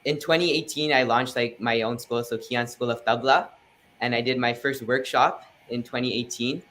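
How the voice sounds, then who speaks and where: A man's voice: medium pitch, fairly even intonation, moderate pace, a bit bright. A teenage boy, a guest musician, answering interview questions politely and eagerly. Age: teens.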